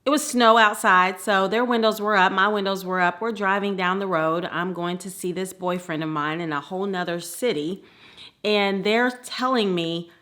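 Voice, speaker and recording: Woman from the Midwest, storyteller, bright and lively, laughs often. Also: mid-range voice, normal speed. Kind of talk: personal storytelling.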